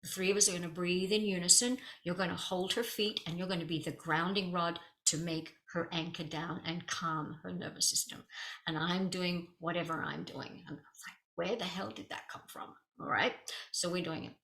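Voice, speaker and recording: A woman, a spiritual healer, telling a personal story in an animated way, acting out the dialogue and dropping to whispers. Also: lowish voice, normal speed, reverberant, poor audio. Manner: animated, drops to whispers at intense moments; acts out quoted dialogue.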